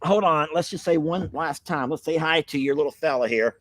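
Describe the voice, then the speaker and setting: A man's voice: a little high, brisk, dry recording. A man hosting a livestream, chatting casually and folksily with a guest. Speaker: livestream host. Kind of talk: casual live chat with a guest.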